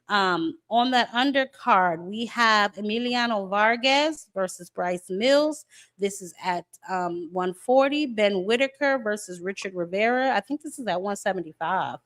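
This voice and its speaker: A woman's voice: medium pitch, a bit bright. Sassy female boxing stream host, chatty and playful with viewers. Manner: sassy, calls viewers baby and y'all. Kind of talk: casual live-stream chat.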